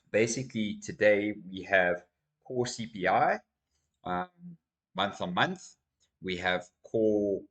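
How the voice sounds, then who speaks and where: A man hosting his own crypto channel, with a fairly low voice. He talks to his viewers in an energetic, rambling manner, calling them guys as he walks through market data at his desk. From South Africa. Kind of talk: casual market commentary to camera.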